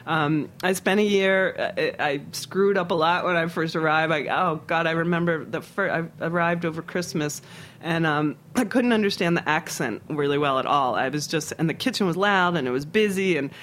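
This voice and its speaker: Chatty middle-aged chef, slightly high voice. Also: male voice, moderate pace, a little hiss or hum. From Philadelphia, United States. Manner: rambling and animated, with many restarts and fillers. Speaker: chef, interview guest. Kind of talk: casual storytelling interview.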